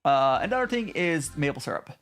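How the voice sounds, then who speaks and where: Lively, chatty male streamer. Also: fairly high pitch, fairly quick, soft background music. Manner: chatty, reads and answers chat, many restarts. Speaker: VTuber streamer. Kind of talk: casual live-stream chat. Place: home stream in Japan.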